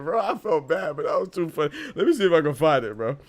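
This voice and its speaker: A man's voice: fairly high pitch, animated, a little fast, hardly any pauses, a little hiss or hum. A man hosting a boxing podcast live stream, talking casually and animatedly, laughing often and calling everyone "bro".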